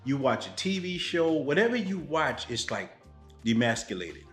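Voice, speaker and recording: A man from Louisiana telling stories on his vlog in a blunt, animated, street-style way. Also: medium pitch, normal speed, reverberant, faint music behind. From Louisiana, United States. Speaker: vlogger. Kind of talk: storytelling vlog.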